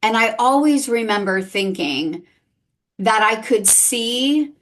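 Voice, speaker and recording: A woman's voice: on the high side, expressive, slow pace, fairly bright tone. A woman hosting a faith-based interview podcast, asking guests earnest, reflective questions. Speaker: podcast host.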